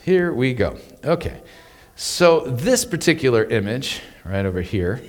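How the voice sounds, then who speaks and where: A man teaching the Bible in a conversational, animated way, often stumbling over and repeating his words and chuckling as he explains. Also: medium pitch, unhurried, long reverb tail.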